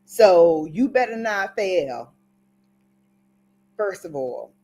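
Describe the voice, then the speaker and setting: A woman's voice: fairly low pitch, sing-song, very slow, warm tone. A woman from Brooklyn telling a playful, dramatic story to her viewers in a casual vlog. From Brooklyn, New York. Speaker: beauty vlogger.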